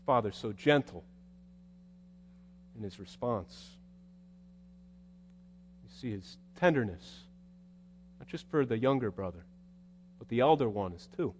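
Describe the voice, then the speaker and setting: A man's voice: mid-range voice, expressive, measured pace, pauses often, a little mellow, a little hiss or hum. A male preacher giving a sermon in a conversational, wry storytelling manner. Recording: long hall reverb.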